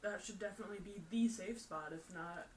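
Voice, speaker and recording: A woman's voice: mid-range voice, a little fast, a little hiss or hum. Supportive woman speaking from a distance. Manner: supportive, with frequent short backchannels. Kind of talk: casual discussion.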